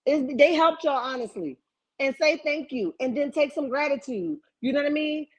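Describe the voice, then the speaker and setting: A woman hosts a casual live stream, reading chat comments and riffing on them with animated, preachy, sassy outbursts. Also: sits high, moderate pace. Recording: dull lo-fi stream audio.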